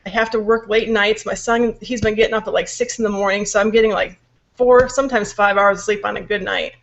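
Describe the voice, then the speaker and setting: A woman's voice: medium pitch, fairly even intonation, fairly quick. A young woman with a sore throat, venting in casual chat; tired and frustrated, she swears when she gets angry. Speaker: podcast co-host venting. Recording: dull lo-fi recording.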